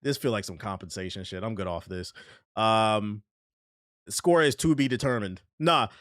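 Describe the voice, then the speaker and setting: A man's voice: on the low side, moderate pace, a bit bright, no room sound, clean studio sound. A man streaming his reactions to music, blunt and incredulous, swearing freely as he talks. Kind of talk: casual reaction commentary.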